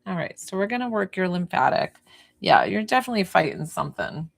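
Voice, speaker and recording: A woman running a live-streamed energy healing session, talking calmly through breathing and encouragement with chatty asides. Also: mid-range voice, fairly quick, gravelly. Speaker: spiritual healer on a livestream.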